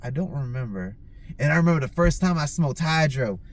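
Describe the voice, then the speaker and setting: A man with a slightly higher voice telling casual stories as a podcast host. He rambles, swears constantly and stuffs his sentences with "like". When he quotes himself, his voice jumps up in pitch. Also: lively intonation, fairly quick. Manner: rambling and heavily profane, lots of filler "like". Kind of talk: casual storytelling.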